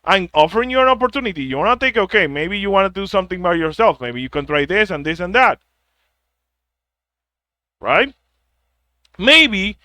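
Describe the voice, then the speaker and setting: A man's voice: sits high, expressive, moderate pace, long pauses, sharp tone, no room sound. A man ranting bluntly with a lot of profanity, stumbling over repeated words as he gives harsh life advice. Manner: mocks others in put-on whiny quotes. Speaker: vlogger giving advice. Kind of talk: ranting monologue.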